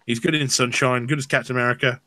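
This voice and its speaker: A man's voice: medium pitch, steady tone, quick pace, pushed and bright, slight background noise. A man hosting a podcast, chatting casually and thinking aloud as he talks. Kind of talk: casual chat.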